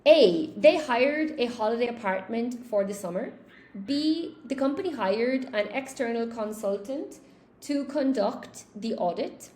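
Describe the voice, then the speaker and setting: Woman teacher, live-stream lesson; chatty, thinks aloud, answers chat; slightly high voice, roomy echo. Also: expressive, a little slow. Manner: chatty, thinks aloud, repeats thanks warmly to viewers. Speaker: English teacher.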